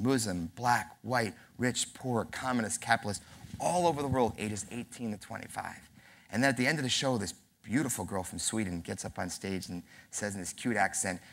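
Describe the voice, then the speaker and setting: A man's voice: fairly low pitch, fairly bright tone. A man in his early forties, from New York, giving a humorous, self-deprecating keynote speech at a convention center. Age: early 40s. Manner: storytelling with acted dialogue. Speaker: keynote speaker.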